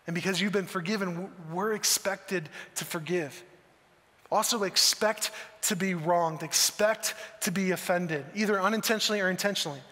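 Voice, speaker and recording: A man's voice: high-pitched, pushed and bright. A man preaching a sermon as pastor, earnest and conversational, often asking rhetorical questions. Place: church auditorium. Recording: long church hall reverb.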